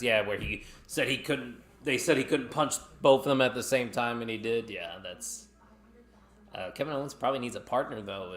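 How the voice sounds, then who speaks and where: A man's voice: fairly low pitch, fairly bright tone. A man co-hosting a live watch-along stream, chatting casually and reacting to the action while reading viewer comments.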